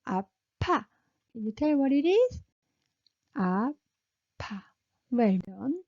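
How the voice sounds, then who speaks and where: A woman's voice: high voice, big pitch swings, normal speed, dark tone. A woman with a Korean accent teaching Korean pronunciation, modelling syllables and praising the learner. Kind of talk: pronunciation lesson. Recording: dull lo-fi sound.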